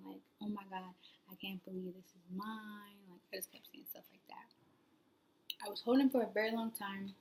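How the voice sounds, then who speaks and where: A young woman telling her own story in a casual vlog, rambling with lots of "like" fillers and sometimes dropping to a soft near-whisper. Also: medium pitch, slight background noise. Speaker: new mother vlogger.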